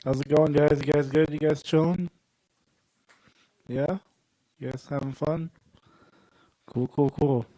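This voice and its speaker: A young man doing a stand-up set at a comedy club, rambling and working the crowd with deadpan asides. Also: on the high side, measured pace, long pauses, no room sound, rough recording.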